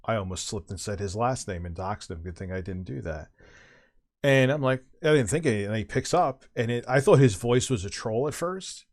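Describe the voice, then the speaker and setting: A man's voice: on the low side, expressive, a little fast, darkish tone. A middle-aged man chatting casually as a streamer, telling a long rambling anecdote with swearing and restarts. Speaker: streamer and host. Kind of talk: casual chat, storytelling.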